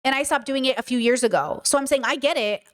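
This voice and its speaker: High-voiced emphatic woman streamer. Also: quick pace, fairly bright tone. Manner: emphatic, repeats points, quotes others in put-on voices. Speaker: streamer reacting to a clip. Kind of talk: casual commentary.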